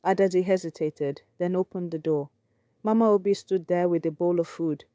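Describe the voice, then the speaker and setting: A woman's voice: on the low side, steady tone, normal speed, warm tone, clean tone, no echo. A woman storyteller narrating a dramatic folktale with suspense.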